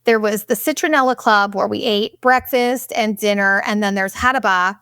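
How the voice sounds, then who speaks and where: A young woman hosting a podcast, telling a vacation story in a blunt, profane, animated way and acting out what people said. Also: medium pitch, normal speed, clean tone, no echo, studio quality. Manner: blunt and profane, animated retelling with quoted asides. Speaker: podcast host. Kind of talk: casual storytelling monologue.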